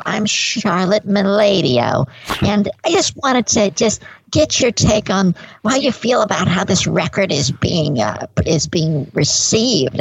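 A woman's voice: mid-range voice, gravelly, breathy edge, no room sound, exaggerated voice, low-quality recording. A woman playing a gushing, hesitant music correspondent in an improvised comedy interview. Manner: gushing, hesitant, filler-heavy.

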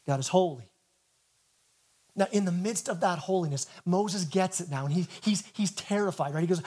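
Pastor, male, light high voice, earnest sermon delivery, stammers into phrases. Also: brisk. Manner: earnest, stammers and repeats words at the start of phrases. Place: church.

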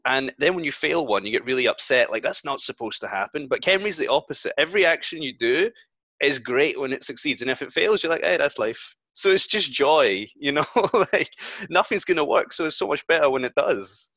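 A man's voice: on the high side, animated, brisk, sharp tone, no room sound, highs cut off. A man with a Scottish accent, a guest on a podcast, talking casually with dry, self-deprecating humour and laughing as he talks.

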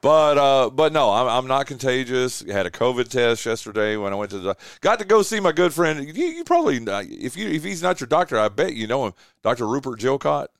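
A man's voice: medium pitch, big pitch swings, fairly quick, few pauses, no echo. A man hosting a radio show from his home studio, telling stories casually with many fillers and restarts, recovering from bronchitis. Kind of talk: casual chat.

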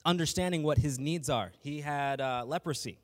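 A man's voice: fairly high pitch, normal speed. Man preaching casually in a reverberant hall. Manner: conversational, many restarts and fillers. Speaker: lay Christian speaker and teacher. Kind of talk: casual faith talk.

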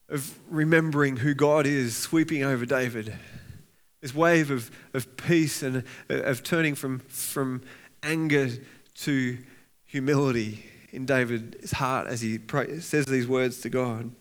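A man's voice: mid-range voice, fairly even intonation, slow. Earnest man preaching a sermon. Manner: earnest preaching, reads scripture with rising intensity; frequent restarts and repeated words. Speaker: pastor.

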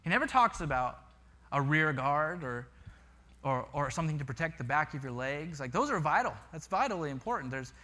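A male pastor preaching with a bright, ringing voice that sits a little high for a man. He tells stories in an animated way and often doubles words as he speaks. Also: brisk. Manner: animated storytelling with repeated words. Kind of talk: sermon.

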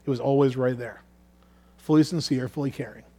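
A man's voice: medium pitch, fairly even intonation, a little fast, warm tone. A man preaching a sermon earnestly, often repeating words as he works through his thoughts. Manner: earnest, repeats words while thinking aloud. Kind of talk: sermon with scripture reading.

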